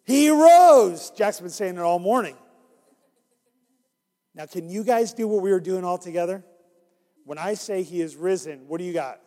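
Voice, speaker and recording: A man's voice: sits high, normal speed, pauses often. A man reading an interactive Bible story to children as their minister and coaxing them to join in. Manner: animated, coaxing listeners to join in. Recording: long hall reverb.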